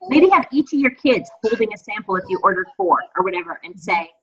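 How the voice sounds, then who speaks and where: A woman's voice: medium pitch, animated, fast talker. A woman leading her team on a video call, chatty and encouraging, with many fillers. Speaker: team leader. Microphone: computer mic on a video call. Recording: dull, lo-fi video call audio.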